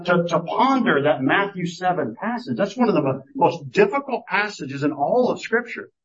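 A pastor delivers a sermon in an easygoing, storytelling manner, often doubling back to restart a thought. His voice is a little high and husky, and the recording is muffled and lo-fi.

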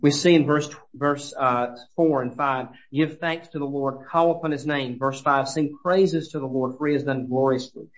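A man's voice: mid-range voice, fairly even intonation, moderate pace, hardly any pauses. A male pastor preaching a sermon with earnest conviction. He often restarts his phrases, then builds to emphatic peaks. The sound is roomy and a little dull, like a church recording.

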